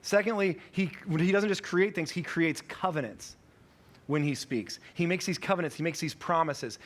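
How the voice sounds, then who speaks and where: A man's voice: on the high side, normal speed. A man in his thirties preaching a sermon as pastor, telling a family story conversationally and correcting himself as he goes.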